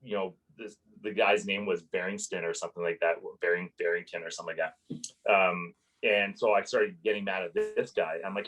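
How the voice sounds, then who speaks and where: Reliving his anger, a man who is a landlord swears liberally and gets animated while recounting a story as a guest in a casual podcast interview. He speaks low-pitched and a little fast, and the audio quality is poor.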